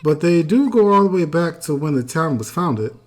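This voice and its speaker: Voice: medium pitch, lively intonation, moderate pace, darkish tone, natural voice. A player doing a bookish penguin librarian. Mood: calm.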